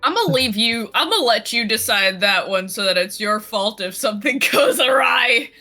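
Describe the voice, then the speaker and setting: A woman's voice: mid-range voice, normal speed, sharp tone, no room sound. A woman playing a tabletop game, joking and swearing about her bad rolls. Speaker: player. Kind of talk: casual tabletop game chat.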